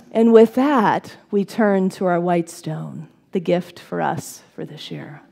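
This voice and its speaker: Woman minister, reflective sermon voice, some vocal fry. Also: lowish voice, mellow. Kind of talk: sermon with guided storytelling.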